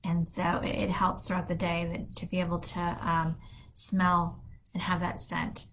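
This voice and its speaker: A woman's voice: on the low side, completely flat delivery, a little slow, fairly bright tone, poor audio. A middle-aged woman hosting a wellness show from her home office, talking casually and rambling with many fillers. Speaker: wellness podcast host. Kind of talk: casual solo talk.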